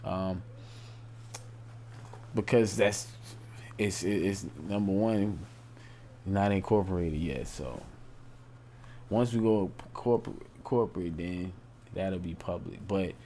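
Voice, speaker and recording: A man's voice: deep voice, takes it slowly, long pauses, warm tone, a little hiss or hum. A young man talking casually on a late-night live stream, rambling and repeating himself in loose, informal speech.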